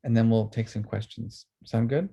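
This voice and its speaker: A man presenting a webinar on emotions, speaking earnestly and then guiding listeners through a calm, slow breathing exercise. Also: fairly low pitch, creaky, breathy edge, muffled recording.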